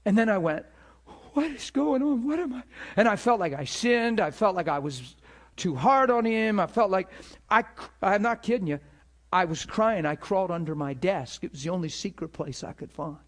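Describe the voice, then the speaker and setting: A man preaching to a ministry school, telling a story with emphatic, animated delivery and acted-out dialogue. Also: moderate pace. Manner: animated, emphatic, acts out dialogue with rising pitch. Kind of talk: sermon storytelling.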